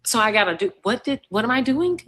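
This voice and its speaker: A woman university president as a podcast guest, speaking warmly and reflectively. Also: on the high side, big pitch swings, quick pace. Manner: warm, reflective, gushing praise. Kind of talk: casual interview chat.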